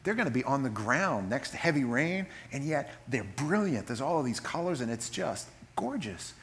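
A man preaching a sermon with a wide, swinging pitch that rises and falls as he makes his points. He slows down to read scripture solemnly, then drops into folksy, joking asides. A faint hum sits behind his voice. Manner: animated, reads scripture slowly and solemnly. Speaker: pastor.

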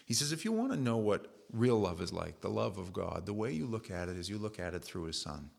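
A man's voice: fairly low pitch, big pitch swings, brisk, gravelly, darkish tone. A middle-aged man preaching a sermon as a pastor, in an earnest, conversational storytelling manner.

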